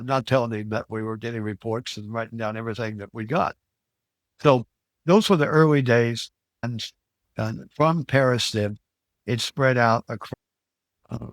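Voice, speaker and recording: An older man telling a personal story in a loose, rambling way. He hesitates often and restarts his sentences. His voice sits at a medium pitch and sounds dry and close, with no room around it. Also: fairly even intonation, dry recording. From Missouri, USA. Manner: rambling, halting with many fillers and restarts. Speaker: private investigator podcast host. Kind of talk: casual storytelling.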